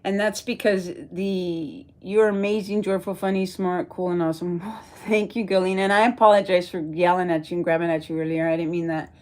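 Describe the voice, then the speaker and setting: A woman's voice: on the low side, little pitch movement, fairly quick, hardly any pauses, darkish tone. A woman from Texas talking to viewers on a livestream, rambling and emotional, reading and answering the chat as she goes. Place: at home.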